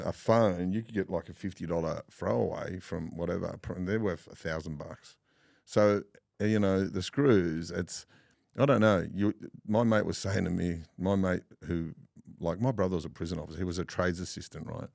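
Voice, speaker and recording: A middle-aged Australian man telling rough stories in casual chat, swearing freely and laughing as he goes. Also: low voice, moderate pace, dry recording, studio quality. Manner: swears often, animated yarn-spinning with laughs. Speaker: podcast guest.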